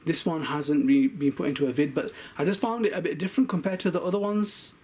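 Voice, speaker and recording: A man chatting casually through an unboxing vlog of toy cars, talking quickly and often calling viewers "guys". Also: a little high, steady tone, a little mellow. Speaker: RC car collector vlogger.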